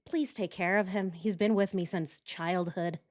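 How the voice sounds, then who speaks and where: A woman voicing a doting male inmate in her own voice, speaking slowly and with mock tenderness. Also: high-pitched, fairly even intonation. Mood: mock-tender. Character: doting male inmate handing over keepsakes.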